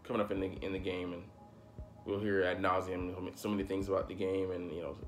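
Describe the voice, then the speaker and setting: Um homem falando sozinho sobre futebol americano em tom de conversa, divagando, com palavrões e explosões de irritação. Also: male voice, low-pitched, flat delivery, fairly quick, soft background music. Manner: rambling, profane, heated bursts. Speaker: sports commentary host. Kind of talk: casual solo sports talk.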